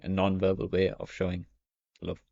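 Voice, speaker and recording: Young male vlogger, low and gravelly, chatty and rambling, dry muffled lo-fi sound. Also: completely flat delivery, normal speed, darkish tone, dry recording. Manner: rambling, full of "you know" and "okay". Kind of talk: casual talk to camera. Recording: dry, dull lo-fi audio.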